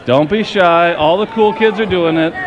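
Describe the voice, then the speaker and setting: Preaching to his congregation in the sanctuary, a middle-aged pastor keeps his Christmas sermon playful and addresses the people head-on. He has a high voice at a moderate pace, the audio is dull, and a crowd, long hall reverb and audience noise can be heard.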